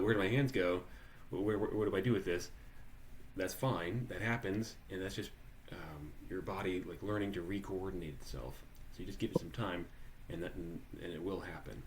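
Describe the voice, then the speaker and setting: Over a video call, a workshop leader runs a live online session for musicians in a low voice, with slight hiss or hum audible. He chats informally, often restarting his sentences and asking the participants questions.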